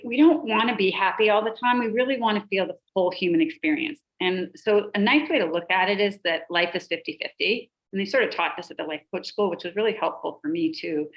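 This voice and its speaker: A middle-aged woman who works as a pediatrician and life coach walks through emotions on her podcast, reeling off examples at an even rhythm. Her pitch is medium, and the audio is poor.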